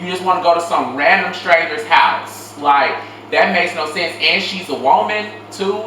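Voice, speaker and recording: Woman host, casual reaction chat, emphatic and chatty, bright forceful tone, recorded from a distance. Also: lowish voice, moderate pace. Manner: chatty, emphatic, lots of filler. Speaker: show host. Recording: echoey room, mic at distance, faint noise.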